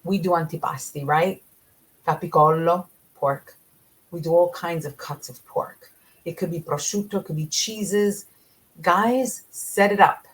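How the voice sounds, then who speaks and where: A woman's voice: on the low side, unhurried. A woman vlogger talking casually to camera, chatty and encouraging, often laughing as she gives tips straight to her viewers. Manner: animated, with frequent laughs. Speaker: vlogger sharing carnivore diet meal-prep tips.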